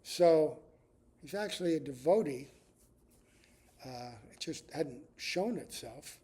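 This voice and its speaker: An older male spiritual teacher tells a scripture story in an animated way, pausing to check in with his listeners. His voice sits a little high and sounds mellow and warm. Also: husky. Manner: animated storyteller, often asks "right?".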